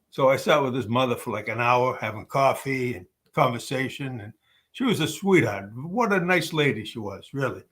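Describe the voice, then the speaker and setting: A man's voice: mid-range voice, moderate pace, fairly bright tone. A man, an actor, telling casual anecdotes on a webcam call, rambling with many fillers and restarts. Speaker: actor guest.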